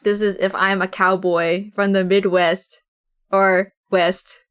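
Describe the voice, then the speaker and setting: A woman's voice: medium pitch, flat delivery, slow, a bit bright, clear, resonant tone. A woman from the West Coast of the US, a streamer chatting casually with viewers, reading chat aloud and laughing often.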